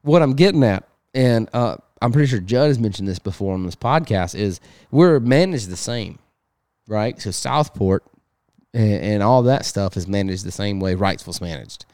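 Man, young adult, fishing podcast host, rambling casual chat, low voice, dry close sound. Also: moderate pace, no room sound. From Sneads Ferry, North Carolina. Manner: rambling, repeats words, animated when telling stories.

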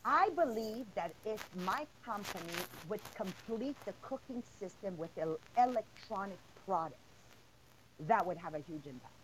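A woman's voice: mid-range voice, animated, normal speed, a little hiss or hum, poor audio. A woman hosting a casual podcast, answering questions bluntly with lots of energy and laughter. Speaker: podcast host.

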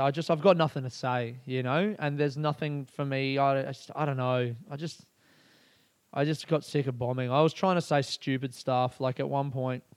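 A male comedian and podcast host telling a story in a rambling, profane and exasperated way. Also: on the high side. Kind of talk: casual storytelling monologue.

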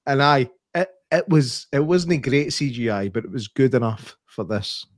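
Scottish bloke, sweary and laughing, dry close mic. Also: male voice, mid-range voice, normal speed, no room sound. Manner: animated storyteller, swears freely, laughs often. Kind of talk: casual chat.

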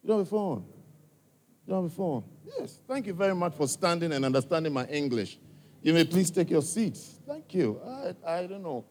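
A man's voice: on the high side, lively intonation, normal speed, darkish tone, slight background noise. A man with an African accent addressing a church gathering, questioning listeners directly in a coaxing way. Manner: coaxing, direct, asks the audience many questions.

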